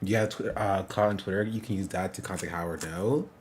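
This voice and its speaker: A young man commenting on clips during a casual live stream, halting and wry, often breaking off mid-sentence. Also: fairly low pitch, lively intonation. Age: young adult. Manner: halting, self-interrupting, wry asides.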